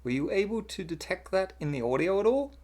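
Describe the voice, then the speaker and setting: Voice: mid-range voice, sing-song, brisk, darkish tone. A narrator reading a scripted lesson on accents and vowel sounds in an explanatory way.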